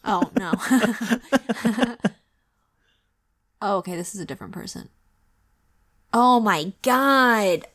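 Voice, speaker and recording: A woman's voice: mid-range voice, slow pace, pauses often, a bit bright. A woman co-hosting a podcast, reading erotica aloud and breaking into giggles and gasps as she chats. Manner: giggly, reacts with gasps and laughter. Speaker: podcast co-host.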